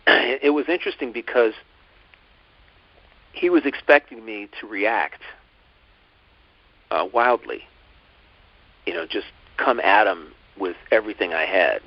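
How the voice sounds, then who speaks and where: A man co-hosting a podcast, calmly telling a personal story in casual chat, with many restarts and asides. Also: on the low side, measured pace, pauses often. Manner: calm, reflective, lots of restarts and asides. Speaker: podcast co-host. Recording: dull lo-fi podcast audio.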